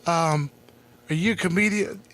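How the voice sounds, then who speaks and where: Comedian co-host, male, from Texas, higher voice, profane and laughing storyteller. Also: moderate pace, a bit bright, a little hiss or hum. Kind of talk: casual storytelling.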